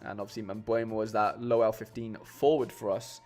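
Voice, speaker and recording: A streamer building fantasy football lineups chats on a live stream, rambling with lots of fillers and restarts and calling viewers "mate." His voice is on the low side, a little fast, level and slightly mellow, with soft music playing behind.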